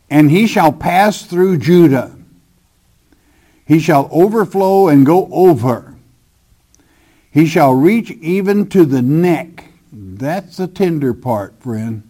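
A male preacher delivering a sermon at a slow, deliberate pace. His voice is mellow and dark, and he drawls out the words he wants to land. He repeats key phrases and calls his listeners friend. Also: medium pitch. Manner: drawls slowly on stressed words.

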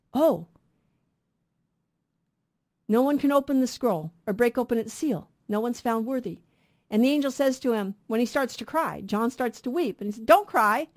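Brief: woman co-host of a radio Bible show, fairly high voice, emphatic teaching that drives its points home with questions. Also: a little mellow. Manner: emphatic, asks rhetorical questions and answers them.

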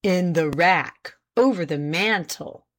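Woman doing a formal male prosecutor, deliberate, pointed questions, storybook reading. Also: mid-range voice, very animated, a little hiss or hum. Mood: probing.

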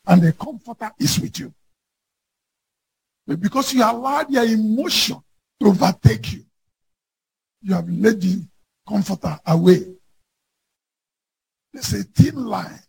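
A man preaching a sermon as pastor, with emphatic, slowly stressed phrases that build to shouts. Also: high voice, gravelly, breathy edge.

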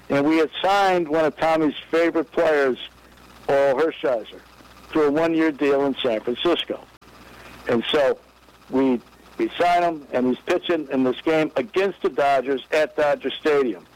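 Speaking at a normal speed in a fairly high-pitched voice, a baseball executive shares an anecdote in an interview. He brings the story to life by performing the voices of those he quotes, though the audio is rough.

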